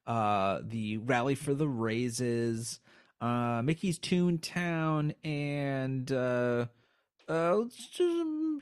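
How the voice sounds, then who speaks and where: A man's voice: medium pitch, expressive, measured pace, clean tone. A man hosting a podcast in casual chat, joking around with playful asides. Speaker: podcast host and producer.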